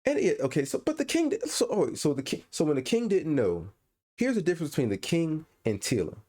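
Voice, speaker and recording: Guy ranting on a podcast, voice swings all over, kinda mellow and dark. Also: on the high side, brisk. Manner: animated, incredulous ranting with laughs. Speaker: podcast co-host. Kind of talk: casual chat.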